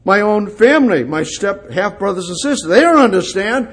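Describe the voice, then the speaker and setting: A man preaching a verse-by-verse sermon, reading scripture slowly and then breaking into urgent, rising exclamations. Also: high voice, big pitch swings, slightly rough.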